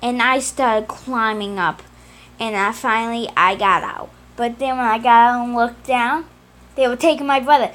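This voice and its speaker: Slow, high-voiced woman telling a story. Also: a bit bright. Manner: plain, earnest telling with restarts. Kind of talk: first-person story narration.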